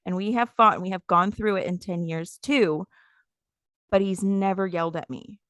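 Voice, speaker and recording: A woman in her thirties co-hosting a podcast in casual chat, telling stories animatedly and acting out quotes loudly. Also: mid-range voice, normal speed, clean tone, no echo, clean studio sound. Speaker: podcast co-host.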